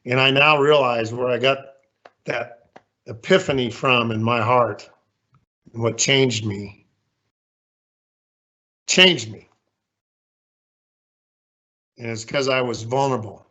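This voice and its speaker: A man's voice: mid-range voice, steady tone, unhurried, bright, forceful tone, highs cut off. A man in his sixties giving a candid, folksy, self-deprecating leadership talk with slides as a guest speaker.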